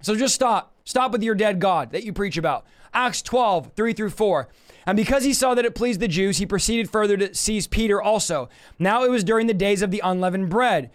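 A young man preaching a fiery sermon, shouting passionately in fast bursts and then slowing down for emphasis. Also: high-pitched.

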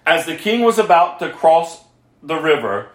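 A man with a fairly high voice delivers a sermon, reading a scripture passage and then stepping aside to explain it in a plain conversational way. The sound is roomy and echoey. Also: sing-song, moderate pace. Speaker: preacher.

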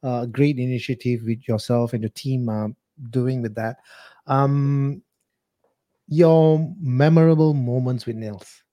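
A man's voice: mid-range voice, steady tone, takes it slowly, dark tone, highs cut off. A man hosting an interview, asking long questions hesitantly with many ums. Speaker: podcast host.

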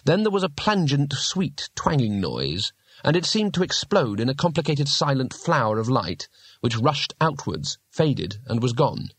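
A man's voice: mid-range voice, big pitch swings, husky, no room sound. Man narrating a story, dry and close. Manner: measured, storytelling. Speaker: audiobook narrator. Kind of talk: scripted narration.

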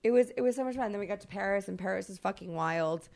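This gravelly-voiced woman talks fast at a medium pitch. She's co-hosting a podcast, recounting a trip in casual chat with lots of filler words, lively energy and free swearing.

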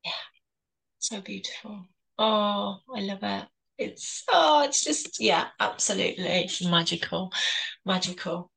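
A middle-aged woman from England talks in an unhurried, gentle manner, pausing and restarting as her thoughts wander. Her voice sits at a middling pitch, and her delivery is a soft, reflective, casual chat. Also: animated, creaky, breathy edge, rough recording. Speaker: podcast co-host.

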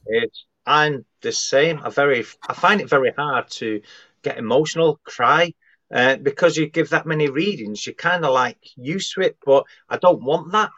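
A man, a guest psychic medium on a video call, talking in a rambling, halting way with many restarts. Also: on the high side, fairly bright tone, dull audio. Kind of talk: casual live-stream chat.

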